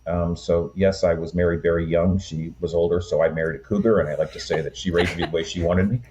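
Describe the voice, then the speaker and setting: A man in his sixties speaks with a very low, dark, mellow voice. He tells his story in an easy, rambling way, full of asides and fillers. The sound is a little dull and lo-fi. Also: fast talker, slight background noise. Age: 60s. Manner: relaxed, rambling anecdotes with frequent "um" and "you know". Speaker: guest. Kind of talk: conversational storytelling.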